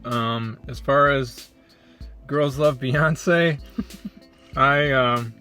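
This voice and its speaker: A man's voice: mid-range voice, extremely slow, clean tone. Guy from michigan chatting thru a snack review, laid back, lots of ums, faint music behind. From Flint, Michigan. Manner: relaxed, thoughtful, lots of ums. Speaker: food review host. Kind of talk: casual food review chat.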